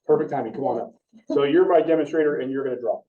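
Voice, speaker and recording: A man leads an EMT class in a relaxed, informal way, questioning his students as he goes. His voice is dark and mellow. He is picked up from a distance in a classroom on a dull, lo-fi recording. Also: medium pitch, quick pace. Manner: casual, asks the class questions. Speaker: EMT instructor.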